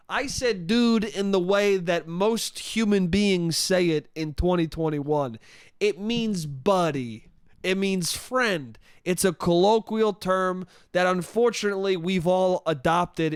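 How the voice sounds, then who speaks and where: Young man, high voice, animated cursing storyteller, solo podcast, dry close mic. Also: unhurried, clean tone, no room sound. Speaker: podcast host.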